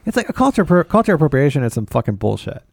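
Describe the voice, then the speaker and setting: A man's voice: a little high, big pitch swings, rapid-fire, vocal fry, no echo, clean studio sound. A man in casual chat, rambling through a story with lots of quoted asides.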